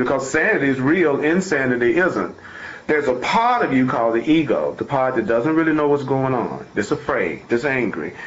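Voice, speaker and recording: A spiritual teacher with a fairly high, slightly bright voice gives an informal talk, reading from a text and explaining it in folksy terms. He's emphatic and repetitive, restating each point, and the echoey room gives a dull, lo-fi sound with slight background noise.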